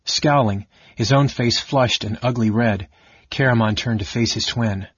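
A man narrating a fantasy novel audiobook in an even, steady storytelling manner. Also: mid-range voice, measured pace, breathy edge, no echo. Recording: dull lo-fi audiobook recording.

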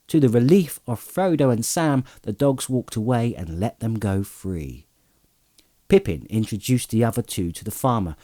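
A man's voice: medium pitch, expressive, moderate pace, warm tone, no echo, studio quality. A man reading a fantasy novel aloud as an audiobook narrator, telling the story expressively. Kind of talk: scripted narration.

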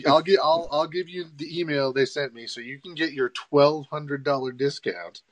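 A man hosting a casual livestream chat, animated and quick, laughing often. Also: a little high, a crowd in the background. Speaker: host.

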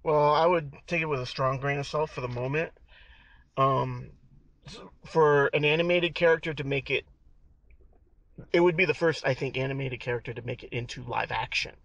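A man's voice: mid-range voice, moderate pace, gravelly, a bit bright, dry recording, lo-fi sound. A man co-hosting a podcast, chatting casually and rambling through detailed fan explanations. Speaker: podcast co-host.

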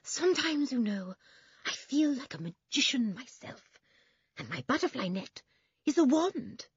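A woman's voice: sits high, big pitch swings, a little slow, breathy edge, no echo, highs cut off, voice pushed up, exaggerated voice. A woman voicing an odd, dreamy male butterfly farmer who speaks in an awed way, in a storybook reading. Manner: awed, whimsical.

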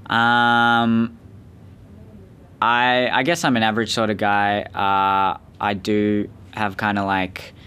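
A man's voice: lowish voice, level tone, slow, pushed and bright, clear, resonant tone. A man of eighteen describing himself, hesitant and searching for words. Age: teens.

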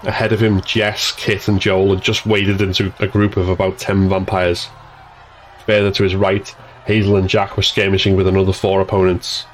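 Deep, flat-voiced male audiobook narrator. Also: a little hiss or hum, low-quality recording. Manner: steady, measured storytelling.

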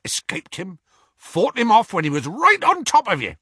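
A man voicing a big, gruff, loyal half-giant. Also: sits high, huge pitch swings, moderate pace, pushed and bright, no echo, studio quality, pitched above the performer's own voice, exaggerated voice. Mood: proud. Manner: gruff, rough.

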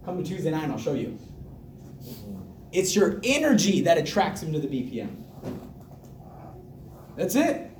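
A man giving an energetic motivational talk to a group, hyped and repetitive, laughing often. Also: fairly high pitch, normal speed, pauses often, a little hiss or hum. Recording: echoey room, mic from a distance.

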